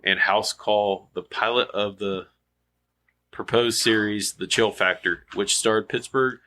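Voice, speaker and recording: A man in his early thirties with a nasal voice reads a profile on a casual movie podcast. His voice sits low but sounds bright. He stumbles on names and goes back to fix them. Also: fairly even intonation, slight background noise. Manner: reads haltingly, restarting mispronounced words. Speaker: podcast co-host.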